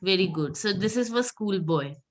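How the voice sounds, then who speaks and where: A woman's voice: medium pitch, animated, moderate pace. A woman teaching French pronunciation in an online class, patiently repeating words for her students over a video call.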